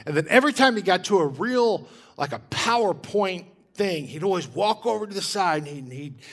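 A middle-aged man delivers a sermon the way he'd talk over coffee, plain-spoken and full of stories. His voice sits a little high for a man, and he pokes gentle fun at himself as he goes. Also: animated, normal speed. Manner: storytelling, plain-spoken, self-deprecating humor. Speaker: pastor. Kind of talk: casual conversational sermon. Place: church.

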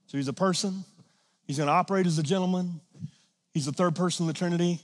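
A man with a notably high speaking voice delivers a sermon in a lively, conversational way, dropping to quiet asides and then surging into emphatic, shouted lines. The sound carries a long reverb from a large church sanctuary. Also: fast. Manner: energetic, conversational preaching with sudden loud peaks. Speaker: pastor.

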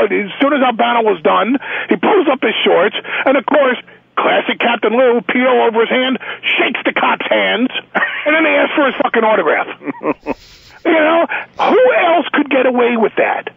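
A man telling stories as a guest on a phone call, animated, with frequent stammered restarts. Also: very high-pitched, fairly quick, gravelly, husky, no echo. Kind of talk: casual phone interview anecdote. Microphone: telephone. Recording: tinny phone line.

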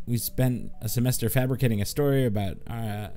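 A man's voice: mid-range voice, a little fast, soft background music. A man playing a dating game and reading its text aloud, joking and voicing the characters. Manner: animated, joking, voices all the characters. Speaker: gamer.

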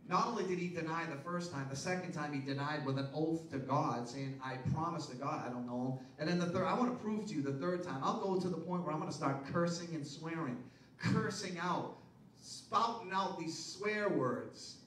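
A man preaching a sermon as pastor, asking the congregation rhetorical questions and building to loud, emphatic peaks. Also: on the high side, normal speed, reverberant, recorded from a distance, slight background noise, poor audio.

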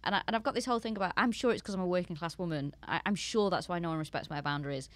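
A woman's voice: fairly low pitch, racing, no echo. A woman with a Northern English accent, chatting as a comedian guest on a podcast, self-mocking and laughing often. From Northern England. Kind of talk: casual podcast chat.

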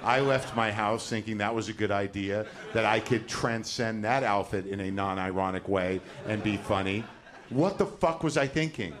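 A man's voice: on the low side, normal speed, crowd noise. A man doing a stand-up comedy routine, ranting and swearing in a self-mocking way. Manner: ranting, profane, self-deprecating.

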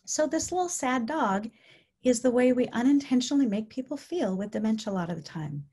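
A woman's voice: fairly high pitch, brisk, husky. Conversational woman presenting on dementia care. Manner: conversational, often checking in with "okay?"; acts out quoted speech in lively voices. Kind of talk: educational presentation.

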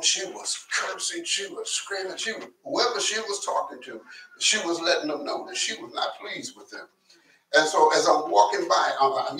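A male pastor preaches in a high, bright voice, talking like he is telling a story to his people and often stumbling over repeated words. He is caught from a distance in an echoey church, with a faint hiss underneath. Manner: conversational storytelling preacher, repeats words, asks the congregation to listen. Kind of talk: sermon. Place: church sanctuary.

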